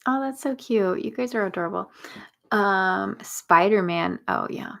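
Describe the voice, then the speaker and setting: A woman's voice: mid-range voice, measured pace, gravelly, fairly bright tone. Chatty young woman on a livestream. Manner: chatty, talks baby talk to her cat. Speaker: livestream host. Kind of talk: casual livestream chat.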